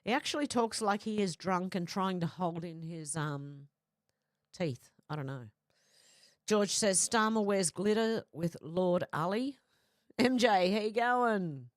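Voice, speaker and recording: A woman's voice: fairly low pitch, unhurried, no echo, studio quality. A blunt, chatty woman hosting a livestream, reading out viewer comments and swearing freely. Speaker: host.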